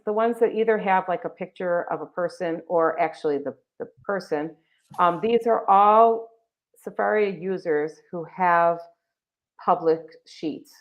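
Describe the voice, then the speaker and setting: A woman presenting a live webinar, walking viewers through a website in a chatty, enthusiastic way with many fillers. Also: on the low side. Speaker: webinar presenter for a text library. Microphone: video call. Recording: dull lo-fi video call audio.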